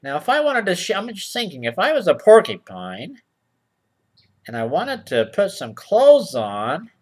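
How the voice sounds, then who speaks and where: A man's voice: sits high, wildly swooping pitch, husky. A man doing a mock children's-show comedy reading of old rhymes, sarcastic and mock-innocent, drawling out the quoted lines and asking the boys and girls. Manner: drawls slow over-read quotes. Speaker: comic reader of nursery rhymes.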